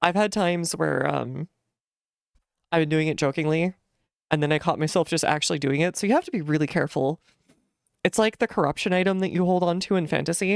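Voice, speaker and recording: A woman's voice: low-pitched, fairly quick, creaky, no room sound, clean studio sound. A woman from New Jersey chatting casually while streaming a game, rambling with lots of "like" and "uh". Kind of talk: casual gaming commentary. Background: game music.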